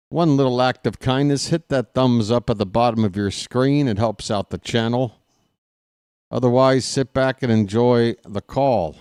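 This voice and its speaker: A man calling live baseball play-by-play as a partisan fan, growing excitable at big pitches and pleading with viewers between plays. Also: smooth, dry recording, studio quality. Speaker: play-by-play announcer.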